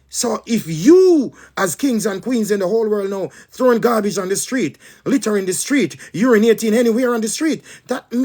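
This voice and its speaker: High-voiced Jamaican man preaching. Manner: emphatic, repetitive, in patois. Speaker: spiritual teacher. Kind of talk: preaching monologue.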